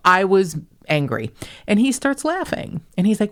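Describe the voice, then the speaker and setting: A woman's voice: mid-range voice, very animated, normal speed. A woman hosting a casual podcast, telling stories in a profane, self-mocking way and acting out the people she quotes. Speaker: podcast host.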